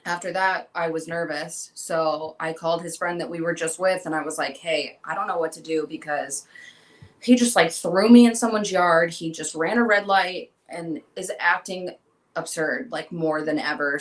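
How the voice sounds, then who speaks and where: Young woman telling her story in an interview, kinda low voice, acts out what people said. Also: rough recording. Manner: recounts events, acting out quoted dialogue. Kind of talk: emotional personal account.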